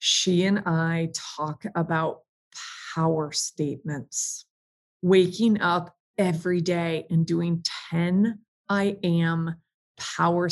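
A woman hosting her podcast, talking in a bubbly, emphatic way and cursing casually. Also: medium pitch. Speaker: podcast host. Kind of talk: enthusiastic podcast intro.

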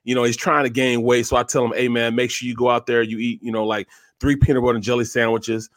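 A man, co-host and former football player, telling a story in casual chat and acting out the voices with loud bursts. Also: medium pitch, little pitch movement, fast, dry recording. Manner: acts out dialogue with loud bursts.

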